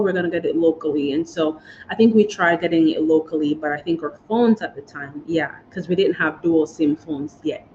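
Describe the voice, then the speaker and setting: In casual, emotional chatter full of "y'all" and "guys," an American woman vlogger speaks with a slightly mellow voice on the lower side. The clip has dull, lo-fi audio and faint noise.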